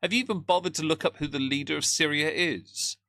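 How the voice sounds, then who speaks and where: A man with a bright, forward voice hosting a livestream, and his commentary is blunt, sarcastic and full of swearing. He sits close to a desktop mic in a dry, dead room. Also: fairly high pitch, quick pace, dry recording.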